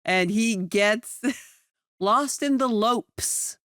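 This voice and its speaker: A woman co-hosting a podcast in casual chat, animated, laughing often and acting out her stories. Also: a little high, drawn-out words, clean tone, dry recording, studio quality. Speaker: podcast co-host. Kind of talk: casual chat recapping a sitcom episode.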